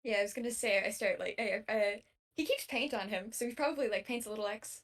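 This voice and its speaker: A woman's voice: fairly high pitch, fast. A woman from the American South playing a tabletop role-playing game in casual chat, giggly and hesitant, often restarting her sentences. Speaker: player.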